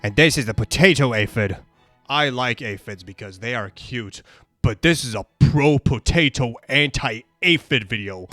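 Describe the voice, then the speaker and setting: A man narrating a comedy explainer video in a deadpan, mock-serious voice-over. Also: mid-range voice, normal speed, faint music behind.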